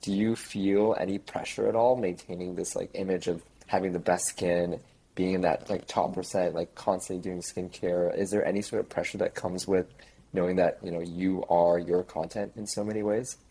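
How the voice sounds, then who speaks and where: Deep mellow male podcast host. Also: normal speed, a little hiss or hum, low-quality recording. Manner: relaxed, rambling questions with fillers. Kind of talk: casual interview questions.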